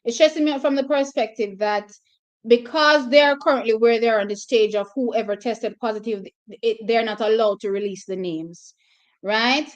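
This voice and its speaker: A woman's voice: on the high side, moderate pace, highs cut off. Chatty Jamaican woman streaming live. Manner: chatty, frequent restarts, reacts to chat. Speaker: livestream host. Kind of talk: casual livestream commentary.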